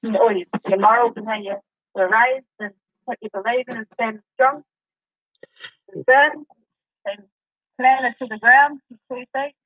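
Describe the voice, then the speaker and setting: A woman with an Australian accent calls in to a talk show and chats in a rambling, easygoing way, laughing easily. Her voice is on the high side, at a normal speed with frequent pauses, and there's no room sound. The line sounds dull and distant, like a phone call.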